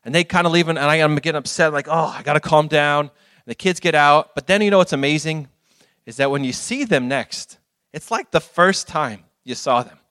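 An earnest man speaking to a church gathering and walking through his slides. He has a fairly high voice and tells his stories in a loose, rambling way, often stopping to restart a thought. The sound is dry and close. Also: a little fast, a bit bright, clean tone, no room sound. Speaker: ministry speaker.

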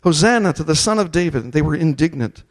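With lively intonation and a quick pace, this male pastor preaches a sermon, his somewhat high voice climbing to loud, ringing peaks whenever he reaches scripture. He reads out verses and guides the congregation through call-and-response chants.

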